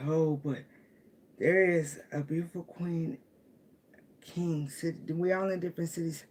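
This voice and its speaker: A woman's voice: sits low, steady tone, a little slow, pauses often, darkish tone, a little hiss or hum. A woman with giving a casual tarot reading. She speaks with emotion, laughs often and repeats phrases. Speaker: tarot reader.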